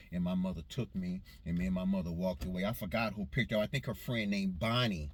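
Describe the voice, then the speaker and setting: In a low, steady voice, a man from Los Angeles reminisces about growing up, talking a little fast with few pauses. It's a loose, rambling memoir in casual vernacular, full of self-corrections.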